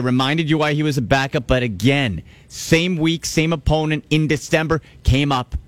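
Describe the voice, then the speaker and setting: A man's voice: medium pitch, no room sound. A man hosting a sports radio talk show, talking with emphatic energy and repeating himself for stress. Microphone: studio microphone.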